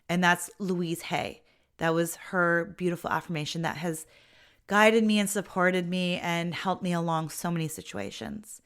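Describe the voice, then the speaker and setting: A middle-aged woman talks through her own podcast episode in a loose, chatty way, leaning on "like" as she goes. Her voice sits a little low for a woman, and she sounds expressive and personal, as if telling a friend about her week. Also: normal speed, smooth. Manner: chatty and expressive, with frequent "like" and an occasional laugh. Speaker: podcast host and mother. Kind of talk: casual personal monologue.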